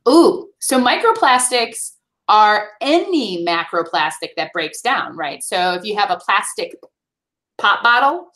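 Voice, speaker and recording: Over a video call to a virtual classroom, a sustainability expert with a Midwestern accent answers schoolchildren's questions in a friendly, explanatory way, often checking in with "right?" Her mid-range voice is expressive and a bit bright, moving at a measured pace.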